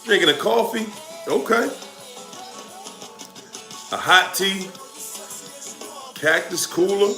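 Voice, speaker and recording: A man's voice: high voice, slow, long pauses, bright, forceful tone. A man with a Washington DC accent hosting a casual livestream, greeting viewers by where they tune in from and drawing out his hype. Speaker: livestream host. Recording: roomy echo with music behind. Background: music playing.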